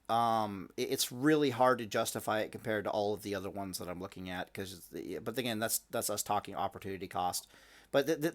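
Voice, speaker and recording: A man hosting a casual gaming podcast, rambling and swearing freely, often restarting his sentences. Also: medium pitch. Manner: profane, rambling, lots of restarts. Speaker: podcast host.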